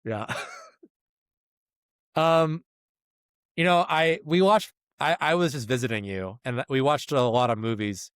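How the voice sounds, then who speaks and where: A man's voice: medium pitch, a little slow, long pauses, fairly bright tone, clean tone, dry recording, studio quality. A man co-hosting a podcast, chatting in an easygoing, wry way. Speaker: podcast co-host. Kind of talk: casual chat.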